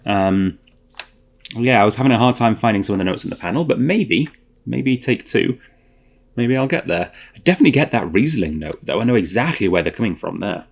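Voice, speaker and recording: A man with a fairly low voice hosts a relaxed whisky tasting. He talks casually and thinks out loud, with plenty of fillers and self-corrections. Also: a little fast, vocal fry. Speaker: host.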